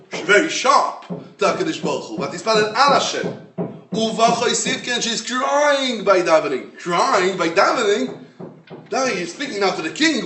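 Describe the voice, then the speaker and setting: Rabbi lecturing, emphatic and animated, highish voice, far from the mic. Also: male voice, a little hiss or hum. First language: Hebrew. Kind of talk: Torah lecture. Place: lecture room. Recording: roomy echo, mic at a distance.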